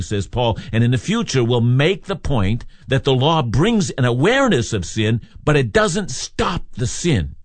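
A man's voice: medium pitch, dry recording. A man preaching a sermon, reading scripture aloud and explaining it verse by verse with emphatic points. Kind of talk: radio Bible teaching.

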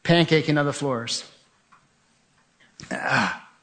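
A man's voice: fairly high pitch, takes it slowly. A man giving a spoken testimony, telling a vivid story and acting out what people said. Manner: vivid storytelling, acts out shouts and quoted voices. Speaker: speaker sharing a testimony.

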